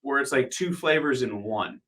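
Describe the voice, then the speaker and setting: A man's voice: medium pitch, normal speed, pushed and bright. A man guest in an interview, speaking earnestly and with appreciation. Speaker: guest, wrestling commentator. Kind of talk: casual interview.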